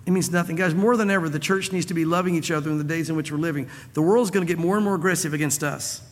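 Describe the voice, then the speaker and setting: A man's voice: on the high side, rapid-fire. A man preaching a sermon to a congregation, conversational, repeating phrases and acting out dialogue. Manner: conversational, repeats himself, acts out quoted dialogue. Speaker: pastor. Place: church hall with audience. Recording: reverberant church hall.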